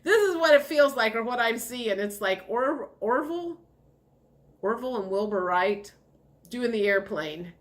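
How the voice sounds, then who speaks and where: A woman's voice: fairly high pitch, a bit bright. Chatty woman giving a tarot reading. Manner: rambling, chatty, with frequent fillers and laughs. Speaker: tarot reader. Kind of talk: casual spoken tarot reading.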